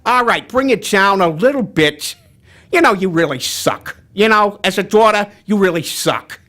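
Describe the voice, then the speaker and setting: A man's voice: high-pitched, animated, normal speed, bright, forceful tone. A man voicing a crude, oafish cartoon father who talks in a blunt, goofy way. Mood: taunting.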